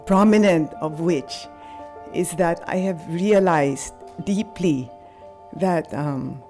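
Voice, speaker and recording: A Filipino woman in her sixties gives an acceptance speech in a slightly low voice. She speaks earnestly and haltingly, pausing often and restarting her sentences. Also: mellow, soft background music. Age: 60s. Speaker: award recipient.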